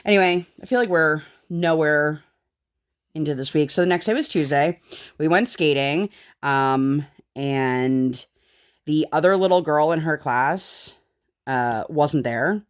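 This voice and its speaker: A woman's voice: low-pitched, a little slow, smooth. A woman vlogger and mother chatting casually while crafting, telling rambling stories full of fillers. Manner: rambling storytelling, many fillers.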